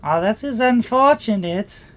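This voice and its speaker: A woman voicing a courtly, sly old crone who speaks slowly and in a mannered way. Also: fairly high pitch, animated.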